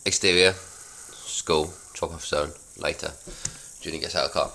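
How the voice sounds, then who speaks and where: A man's voice: extremely low pitch, steady tone, unhurried, creaky, sharp tone, slight background noise. A man casually reading his own sitcom script aloud and rambling in self-deprecating asides. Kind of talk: casual script read-through with commentary.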